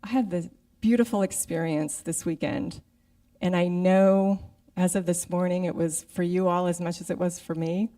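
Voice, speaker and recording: A middle-aged woman preaches in a relaxed, conversational way, acting out her own thoughts as she speaks. Her voice is mellow and warm. She is picked up from a distance by the mic in a church sanctuary. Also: on the low side, moderate pace. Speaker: guest speaker. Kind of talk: sermon.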